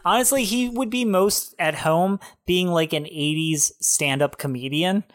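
A young man with a somewhat high voice trades jokes in a casual podcast chat. He swears offhandedly and keeps things playful. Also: measured pace, fairly bright tone. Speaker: podcast co-host.

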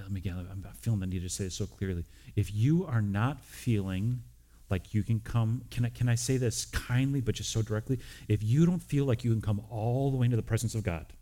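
Earnest low-voiced pastor preaching. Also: male voice, warm tone. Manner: earnest, direct, repeats phrases. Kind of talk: sermon and communion prayer. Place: church sanctuary with congregation.

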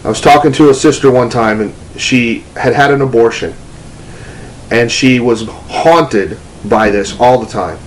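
A man's voice: mid-range voice, a little slow, slight background noise, low-quality recording. A man giving a teaching talk, telling a personal story in a loose, conversational way with restarts and fillers. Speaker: preacher, ministry teacher. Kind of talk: testimony-style teaching talk.

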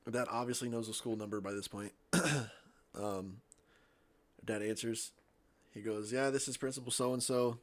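A man's voice: medium pitch, fairly even intonation, moderate pace. A young man co-hosting a podcast, telling a story in a casual, profane, laughing way. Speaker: podcast co-host.

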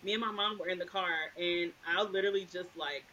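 Young woman cohost, chatty and expressive, gets loud telling stories. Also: lowish voice, fast talker, muffled recording, slight background noise. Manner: expressive, bursts louder when retelling. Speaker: podcast co-host. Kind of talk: casual podcast chat.

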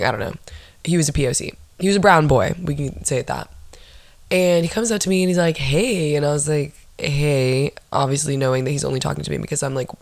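A young woman in her twenties hosting a solo podcast, telling stories in a blunt, profane, animated way. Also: low voice, creaky, dry recording. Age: 20s. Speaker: podcast host. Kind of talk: casual solo chat.

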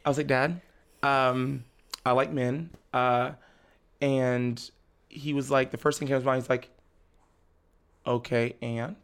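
A young man, a podcast guest, telling a story in casual chat, animated and laughing often as he acts out his family's lines. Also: mid-range voice, measured pace, pauses often, clear, resonant tone. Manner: laughs often while talking.

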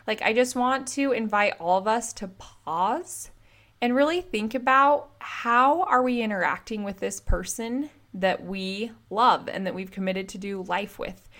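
Woman in her thirties hosting a solo podcast, casual and animated, mid-pitched voice. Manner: chatty, animated storytelling with frequent "like". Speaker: podcast host and relationship coach.

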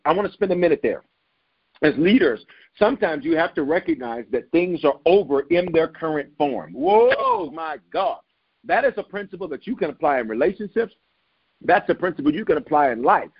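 A man's voice: on the high side, breathy edge, muffled recording. A man preaching a sermon as pastor, emphatic, repeating his key lines and calling on the listeners to hear him.

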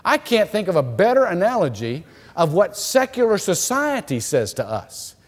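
A male pastor preaching a sermon, telling stories in an animated way with frequent repeated words. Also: high voice, normal speed, breathy edge. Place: church hall. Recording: long reverb of a church hall.

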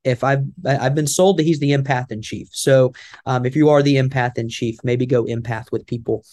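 A man's voice: mid-range voice, steady tone, brisk, darkish tone, no room sound. A man with a Southern American drawl hosts a talk show in a rambling, folksy way, then slides into upbeat event promo. The sound is dry and close to the mic. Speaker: radio show host.

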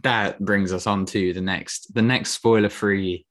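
Male podcast co-host, very low voice, easygoing jokey banter. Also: fairly even intonation, a bit bright. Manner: joking, quick to laugh. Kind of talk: casual chat.

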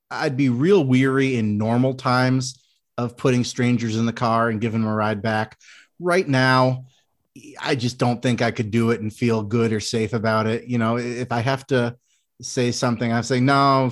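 A man co-hosting a talk show, answering earnestly and repeating his point. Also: medium pitch. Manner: earnest, repeats himself, hedging. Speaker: radio show co-host. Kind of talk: casual chat.

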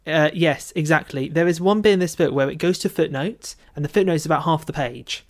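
A man's voice: a little high, fairly quick. A man co-hosting a book podcast, chatting casually and animatedly, with plenty of filler words. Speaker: podcast co-host. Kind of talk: casual chat about a book.

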